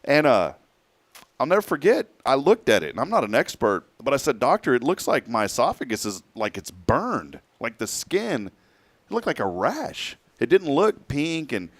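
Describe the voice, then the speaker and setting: A man in his forties telling a personal story in casual talk-show chat, animated and acting out what others said. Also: medium pitch, moderate pace, no echo. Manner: animated storyteller who acts out quoted speech.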